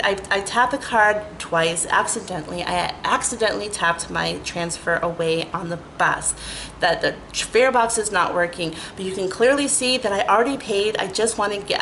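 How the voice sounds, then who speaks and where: A woman's voice: moderate pace, slight background noise, rough recording. Chatty woman telling a wild story. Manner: animated, chatty, profane, lots of "like" fillers; acts out her own quoted lines with rising pitch. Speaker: vlogger. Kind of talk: casual storytime vlog.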